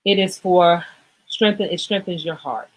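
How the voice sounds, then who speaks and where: A woman's voice: fairly low pitch, a little slow, rough recording. A woman hosting a casual fitness livestream, talking in a rambling, emotional way, choked up and apologizing as she goes. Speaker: livestream host.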